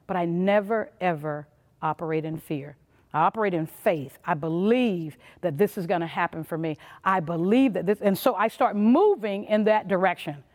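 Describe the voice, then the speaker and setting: A medium-pitched, darkish female voice carries a big-room sound. The woman is a motivational conference speaker giving an emphatic, punchy leadership talk in which she acts out little quoted voices.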